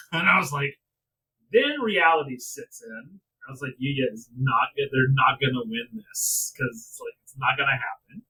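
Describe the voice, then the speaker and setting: A man's voice: mid-range voice, unhurried, pushed and bright, far from the mic, low-quality recording. A man co-hosting a casual podcast, ranting animatedly and swearing freely about a wrestling show. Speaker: podcast co-host. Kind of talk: casual wrestling review chat.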